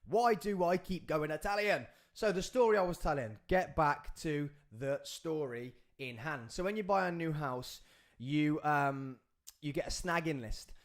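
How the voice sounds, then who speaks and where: A man hosting a live podcast. He rambles and jokes, and he keeps breaking off to talk to the crew. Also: fairly high pitch. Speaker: podcast host.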